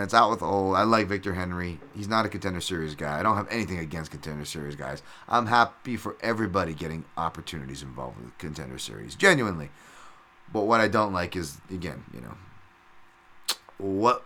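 A man's voice: low-pitched, pushed and bright, clean tone. A middle-aged man hosting a casual solo podcast, rambling and swearing freely with lots of fillers and restarts. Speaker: podcast host.

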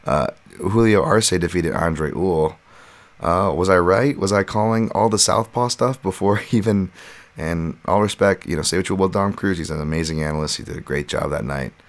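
A man's voice: low voice, normal speed. A man in his thirties hosting a solo podcast, talking casually in a profane, rambling, ranting way. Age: 30s. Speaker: podcast host and fight analyst.

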